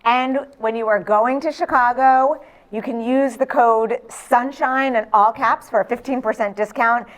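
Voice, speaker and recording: A woman guest who talks in a bubbly, excitable way, showing off slime and chatting. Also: fairly high pitch, unhurried. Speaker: guest, slime business owner. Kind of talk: excited demonstration and casual chat.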